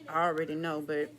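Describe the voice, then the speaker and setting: Slow-talking woman vlogging candidly. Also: deep voice, a bit bright. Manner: candid, rambling, dialect speech with restarts. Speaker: vlogger asking viewers for advice. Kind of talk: casual personal vlog to camera.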